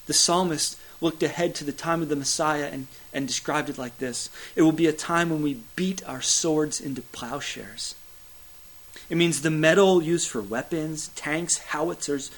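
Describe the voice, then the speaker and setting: Captured on a rough recording, a pastor's sermon swells into loud, emphatic peaks and then falls back to quiet, low lines. His cadence is repetitive in a preacherly way, with occasional fillers.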